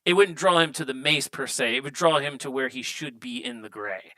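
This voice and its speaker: Brief: game master, bright forceful voice, dry close sound, rambling narration. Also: male voice, medium pitch, animated, a little fast, no room sound, low-quality recording. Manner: loose, rambling description full of fillers.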